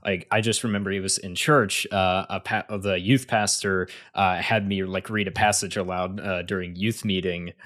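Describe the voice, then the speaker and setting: Man in his twenties or thirties, lowish voice, co-host, talks in halting starts and stops. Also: fairly even intonation, a bit bright. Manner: hesitant, many filler uhs and restarts. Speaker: podcast co-host. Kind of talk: casual podcast chat.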